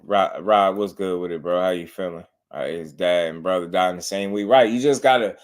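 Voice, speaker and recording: A man with a fairly low voice talks boxing in a casual, unhurried way. He reacts to clips as the show's host and keeps checking that listeners follow him. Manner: laid-back, repeats "you know what I mean".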